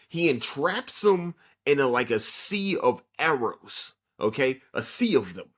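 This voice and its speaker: A man hosting a podcast, casually reviewing an anime with a profane, excitable retelling full of fillers. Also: medium pitch, unhurried, hardly any pauses. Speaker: podcast host.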